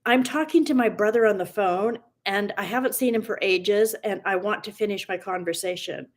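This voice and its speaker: A woman voicing a busy, annoyed male pharmacist in a story she reads aloud, in a quiet, slightly lowered voice. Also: moderate pace, close to an everyday voice. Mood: gruff.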